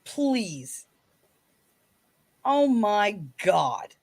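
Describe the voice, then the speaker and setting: A woman's voice: medium pitch, very animated, drawn-out words, darkish tone. A woman in casual chat, blunt and scornful about someone.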